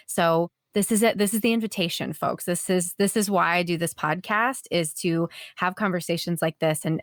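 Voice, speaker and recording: A woman's voice: lowish voice, dry recording, clean studio sound. A woman hosting a podcast, speaking effusively and emotionally, laughing often. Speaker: podcast host, therapist. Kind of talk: warm conversational interview.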